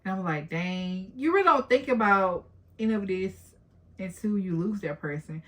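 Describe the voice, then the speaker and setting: A woman's voice: medium pitch, lively intonation, moderate pace. A woman in her late twenties talking candidly and emotionally to her viewers in a personal vlog. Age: late 20s. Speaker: vlogger.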